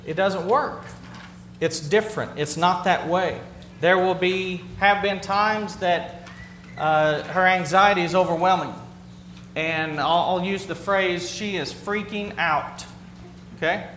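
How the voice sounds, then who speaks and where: A man's voice: sits high, steady tone, unhurried, fairly bright tone. Male pastor, plain-spoken and earnest, repeats himself as he preaches; echoey sanctuary sound. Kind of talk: conversational sermon. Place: church sanctuary with a congregation. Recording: roomy hall sound with faint hum.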